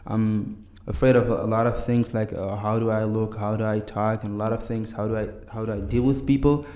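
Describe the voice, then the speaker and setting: A man talking in a casual podcast chat, stopping and restarting often as he searches for words in a language that is not his first. His voice is dark and mellow, and it rings in a roomy space. He keeps a plain, steady pitch. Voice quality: halting, repeats words. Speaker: podcast co-host.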